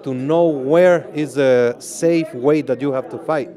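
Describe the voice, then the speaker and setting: A man with a Mexican Spanish accent, giving measured interview answers at an outdoor press event. He talks in a deliberate, halting way with many pauses. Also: medium pitch, mellow. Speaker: boxing organization president.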